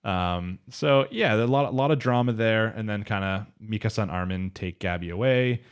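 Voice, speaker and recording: A man's voice: lowish voice, moderate pace, clear, resonant tone. A man co-hosting a podcast, casually recapping an anime episode in a loose, rambling way and swearing now and then. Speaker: podcast co-host.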